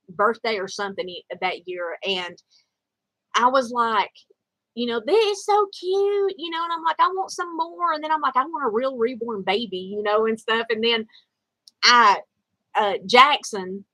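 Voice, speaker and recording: A woman's voice: a little high, pushed and bright, no room sound, poor audio. A middle-aged woman, telling a casual story in a rambling way with lots of fillers and restarts. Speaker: vlogger.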